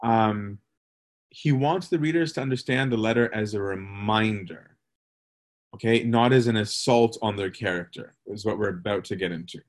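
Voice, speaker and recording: A male priest teaching on a scripture passage in a relaxed, conversational way, reading verses aloud and often checking in with "right?". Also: fairly low pitch, normal speed. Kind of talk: scripture study talk.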